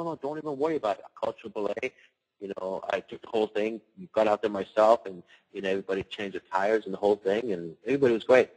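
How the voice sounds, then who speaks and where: A man's voice: sits low, breathy edge, poor audio. A man who runs a martial arts studio gives a casual webinar talk on running a business, telling personal stories in a loose, conversational way full of "you know".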